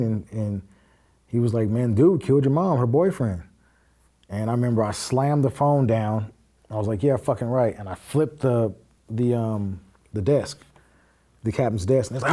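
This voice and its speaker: A man's voice: medium pitch, moderate pace, warm tone. A man, a podcast guest, casually recounting a personal story and acting out the quoted dialogue in plain, blunt words. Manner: acts out quoted dialogue while recounting events; plain-spoken, with frequent fillers and curse words.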